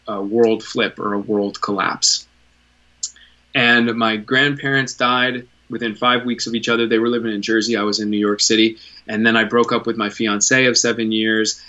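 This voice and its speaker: A man in his thirties speaks as a podcast guest, earnest and candid, restarting sentences and swearing now and then. His voice is bright and forceful. The recording sounds dull and lo-fi. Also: medium pitch. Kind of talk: candid conversational storytelling.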